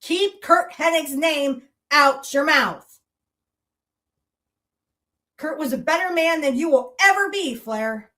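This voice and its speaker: With a high, pushed, bright voice, a woman hosting a podcast speaks slowly and pauses often. Her monologue is a heated, accusatory rant full of swearing and repeated rhetorical challenges.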